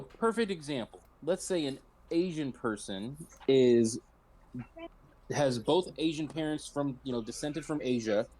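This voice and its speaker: A man's voice: mid-range voice, mellow. A man on a casual podcast, joining in with sarcastic, laughing banter. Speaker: podcast co-host. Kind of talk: casual chat.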